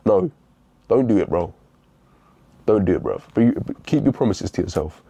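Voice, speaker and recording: A man's voice: deep voice, animated, moderate pace, creaky, mellow, husky, no room sound. A young man giving a blunt, repetitive motivational talk, calling the listener bro. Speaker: fitness motivational speaker.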